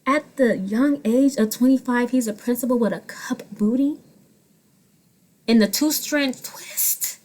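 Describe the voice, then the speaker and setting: A young woman in her twenties riffing on a reality show straight into her own mic. She talks bluntly and swears freely. Her voice leaps from loud, animated bursts to soft, muttered asides. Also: on the high side, unhurried. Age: 20s. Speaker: vlogger. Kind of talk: casual reality show commentary. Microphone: own handheld mic.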